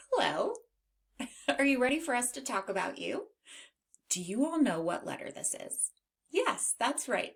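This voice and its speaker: A woman teaching a children's phonics lesson, slowly stretching out and modeling each sound. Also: mid-range voice, bright, forceful tone. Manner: slow, exaggerated sound modeling.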